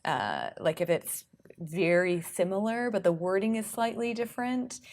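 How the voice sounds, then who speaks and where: A woman therapist giving a relaxed, conversational talk to parents, often filling pauses with "um" and "you know". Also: medium pitch. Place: speaking at a public awareness event.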